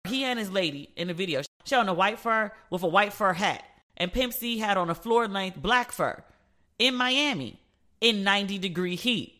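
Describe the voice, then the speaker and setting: Bright-voiced woman gossiping on a podcast. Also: mid-range voice, lively intonation, moderate pace. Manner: chatty, playful, acts out quotes in voices. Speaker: podcast host. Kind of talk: casual pop-culture commentary.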